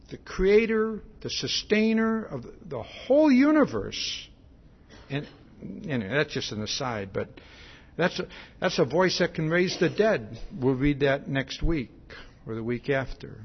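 A man preaching in an easy, talking manner. He often repeats words and asks "See?" as he acts out the lines he quotes. His voice is husky and a little high, and the recording sounds dull and lo-fi. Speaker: pastor. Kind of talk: conversational sermon.

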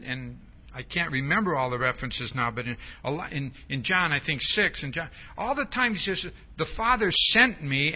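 A man's voice: fairly high pitch, highs cut off. A man preaching an expository sermon as pastor, teaching in a conversational way and often asking his listeners "See?".

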